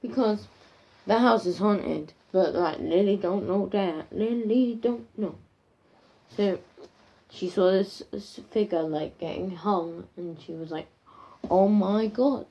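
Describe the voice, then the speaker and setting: Rambling female storyteller, slow and mellow. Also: medium pitch, lo-fi sound. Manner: rambling, full of "like" fillers and restarts. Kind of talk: improvised spooky storytelling.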